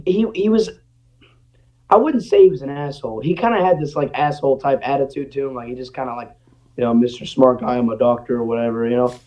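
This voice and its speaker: A man's voice: medium pitch, fast talker, poor audio. A young man, a podcast guest, telling stories in a casual way and acting out the voices of the people he quotes. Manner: animated, acts out quoted voices. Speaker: guest, former ranch student. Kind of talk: casual storytelling.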